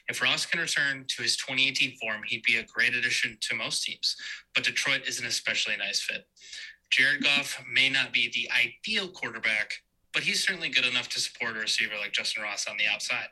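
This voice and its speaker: A man reading a scripted sports analysis aloud, steady and fluent. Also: mid-range voice, brisk, rough recording.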